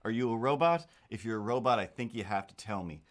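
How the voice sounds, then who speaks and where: A man's voice: on the low side, lively intonation, quick pace. A man chatting casually on a livestream while drawing, rambling with self-mocking, playful asides. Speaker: streamer.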